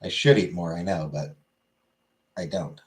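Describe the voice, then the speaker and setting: A man answering casual questions in a podcast chat with dry, deadpan humor. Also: deep voice, a little slow.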